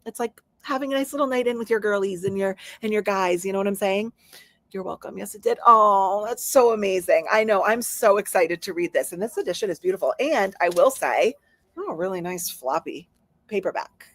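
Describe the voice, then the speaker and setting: A woman's voice: medium pitch, lively intonation, fairly quick, dry recording. Bubbly woman chatting on a livestream. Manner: bubbly, chatty, thanks viewers warmly. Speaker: livestream host. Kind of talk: casual live chat reading comments.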